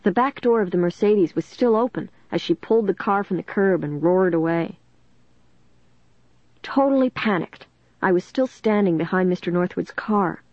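A woman's voice: on the low side, fairly quick, few pauses, a little mellow, no echo, lo-fi sound. A woman narrating a first-person storybook in a tense, suspenseful reading. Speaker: audiobook narrator.

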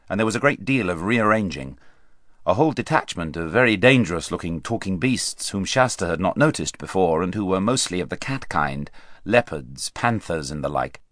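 A man narrating an audiobook in an expressive storytelling manner, speeding up and slowing down with the action. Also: low voice, dry recording, clean studio sound. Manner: expressive storytelling, varied pace.

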